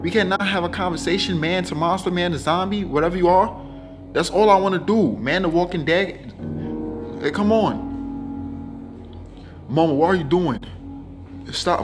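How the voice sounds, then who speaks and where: Loud dramatic young man over music. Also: fairly high pitch, moderate pace. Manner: loud, dramatic, swings between pleading and yelling. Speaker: comedy vlogger. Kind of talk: comedy skit.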